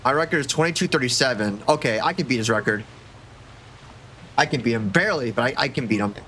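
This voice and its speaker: A man giving casual gameplay commentary as a streamer, excitable and joking, swearing often. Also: mid-range voice, fast, slight background noise. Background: game music.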